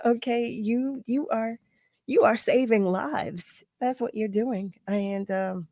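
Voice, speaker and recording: A woman's voice: on the high side, slow, a little mellow, dry recording, studio quality. A woman hosting a radio talk show, effusive and emotional, repeating her phrases and laughing often. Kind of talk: emotional interview chat.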